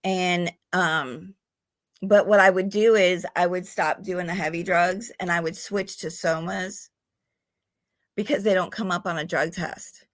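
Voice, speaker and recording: A woman's voice: lowish voice, steady tone, unhurried, dry recording, studio quality. A middle-aged woman talking candidly as a podcast guest, blunt and swearing freely, sometimes laughing at herself. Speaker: guest in recovery. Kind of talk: candid conversational storytelling.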